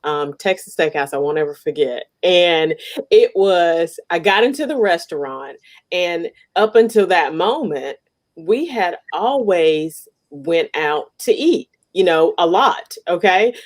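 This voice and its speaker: A woman hosting a casual interview, telling stories animatedly and laughing often. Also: lowish voice. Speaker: podcast host.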